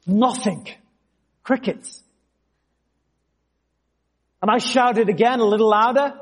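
A male preacher tells his own story during a sermon, moving from quiet asides to sudden lifts. He speaks in an animated, storytelling way. His voice sits high for a man. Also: measured pace, pauses often. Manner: storytelling, animated, jumps to shouts. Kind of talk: sermon with personal testimony.

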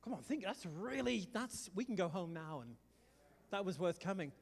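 A man from England with a Liverpool accent, preaching a sermon in a lively, chatty way with jokes to the congregation. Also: high voice, moderate pace, creaky, in a large hall. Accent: Liverpool English. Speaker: pastor.

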